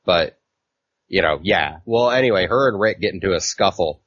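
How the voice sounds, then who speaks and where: A man's voice: low-pitched, expressive, moderate pace, a bit bright, no echo. A man co-hosting a casual comic book podcast, recapping a story in a rambling way with lots of fillers. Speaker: podcast co-host. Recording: dull, lo-fi mic.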